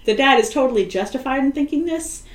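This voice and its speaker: A woman's voice: high-pitched, animated, fast talker, reverberant. A woman co-hosting a podcast in casual chat, rambling and sardonic, often acting out the people she quotes. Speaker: podcast co-host.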